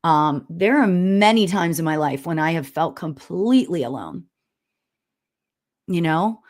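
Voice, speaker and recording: A middle-aged woman hosting a live stream as a spiritual medium, chatting casually and telling stories loudly with lots of laughs and "you know?". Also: on the low side, a little slow. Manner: loud, animated storyteller with frequent laughs and "you know?". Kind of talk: casual livestream chat reading viewer comments.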